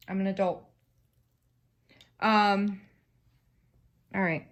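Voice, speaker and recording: A woman's voice: on the low side, slow, pauses often. A woman, chatting casually to a camera on a stand while she crafts, rambling and swearing freely. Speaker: craft vlogger.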